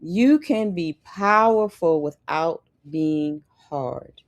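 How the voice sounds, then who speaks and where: Woman w/ giving pep talk to the ladies, lowish voice, says things twice for emphasis. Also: expressive, slow pace. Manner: emphatic, repeats key lines, sassy asides. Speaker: lifestyle podcast host. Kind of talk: motivational talk to women.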